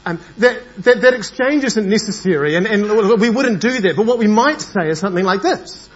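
A man preaching a Good Friday sermon in a church, pausing often with fillers and turning to questions. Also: high-pitched. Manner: hesitant, many fillers, grows animated. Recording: dull lo-fi recording with mains hum.

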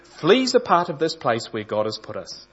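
A man voicing a serene, devout young woman who encourages calmly and insistently, as he reads a story aloud in a sermon. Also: low voice, moderate pace, breathy edge, dull audio, pitched above the performer's own voice, heavily acted. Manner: calm, warmly insistent encouragement.

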